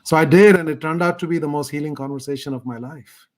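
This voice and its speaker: A man's voice: on the high side, fast talker. A middle-aged man, thoughtfully telling a personal story as a guest speaker on a video call. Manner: earnest, thoughtful. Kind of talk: reflective personal storytelling talk.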